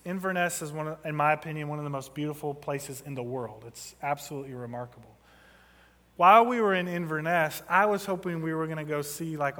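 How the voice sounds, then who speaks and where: A man's voice: fairly high pitch, fairly bright tone. A man in his thirties preaching a sermon, telling a story and building to impassioned emphasis. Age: 30s. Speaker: pastor. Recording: long reverb of a large hall.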